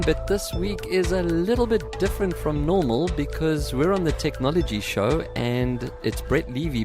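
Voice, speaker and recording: Man, radio host, casual banter, joking, quick laughs. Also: a little high. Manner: joking, self-deprecating, laughs often. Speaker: radio tech show host.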